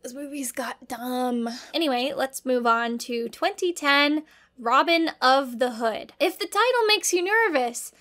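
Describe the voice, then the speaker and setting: Woman host, dry sarcastic review narration, a bit high-pitched. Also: unhurried, hardly any pauses, a bit bright. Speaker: video commentator. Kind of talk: scripted comedic commentary.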